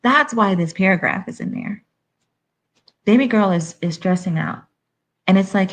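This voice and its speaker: A woman's voice: medium pitch, normal speed, pauses often. A woman from Haiti hosting a live stream. She gives blunt, sassy commentary and fires off rhetorical questions. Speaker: livestream commentator.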